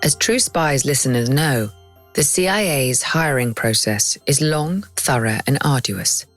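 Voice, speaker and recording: A woman host giving measured, wry scripted narration. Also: extremely low pitch, animated, faint music behind.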